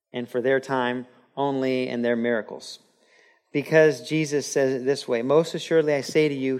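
A man preaching a sermon as a pastor, animated, acting out quoted voices and telling a joke. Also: mid-range voice.

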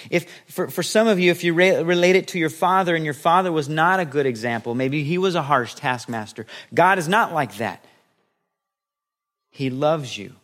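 Animated middle-aged male preacher. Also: fairly high pitch, moderate pace. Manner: animated, playful preaching that acts out little scenes. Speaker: pastor. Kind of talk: sermon.

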